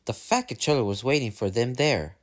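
A man's voice: mid-range voice, brisk. A man reading a railway storybook aloud, doing voices for the characters. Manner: lively, puts on voices for characters. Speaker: narrator.

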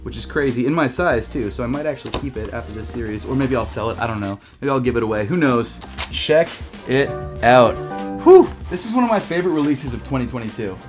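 A young man chatting excitedly and rambling as a vlogger, a little out of breath. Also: mid-range voice, fast, hardly any pauses, over music. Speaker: sneaker vlogger. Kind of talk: casual vlog chat.

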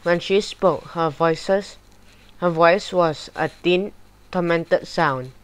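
A woman narrating a horror story aloud at an unhurried, deliberate pace. Her voice sits fairly low and stays even, reading line by line with steady care. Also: clear, resonant tone, rough recording. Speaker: storybook reader. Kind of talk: audiobook narration of a horror chapter.

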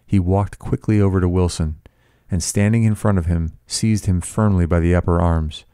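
Male narrator, measured classic-lit reading, deep smooth voice, dry close sound. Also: fairly even intonation, dark tone, no echo. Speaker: audiobook reader. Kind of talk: scripted novel narration.

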